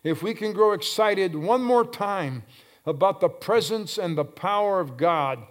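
Fervent high-voiced male preacher. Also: expressive, unhurried. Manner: fervent preaching, swelling loud then dropping low; repeats phrases for emphasis. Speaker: pastor. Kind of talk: sermon.

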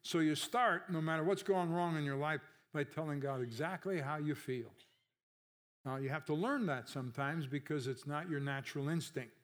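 A man's voice: a little high, moderate pace. A man pastor delivering a conversational sermon, asking the congregation rhetorical questions and lifting his voice sharply on emphasized words.

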